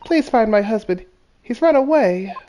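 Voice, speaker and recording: A man's voice: high-pitched, lively intonation, normal speed, dark tone, a little hiss or hum, voice pushed up. A man putting on a genteel English lady. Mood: pleading, genteel. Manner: genteel, mannered, dramatic pleading. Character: refined elderly widow-like English lady client. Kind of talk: reading game dialogue aloud.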